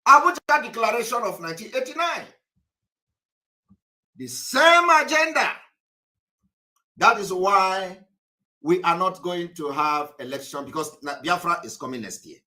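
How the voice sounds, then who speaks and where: Talking straight to his online audience during a live broadcast, a man from Nigeria scolds emphatically and keeps repeating his points. His voice sits high, sharp in tone, with lively intonation at a normal speed.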